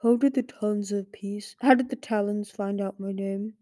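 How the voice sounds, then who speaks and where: A woman voicing a weary old male dragon who is slowly turning to stone, speaking in a slow, quiet, serious way. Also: mid-range voice, fairly even intonation, no echo, studio quality, close to an everyday voice. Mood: grave, sad. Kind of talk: audiobook character voice.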